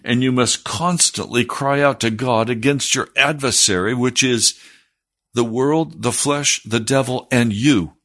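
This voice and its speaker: A man with a husky voice preaching a sermon, earnest and building to fervent emphasis. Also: medium pitch, measured pace, a bit bright.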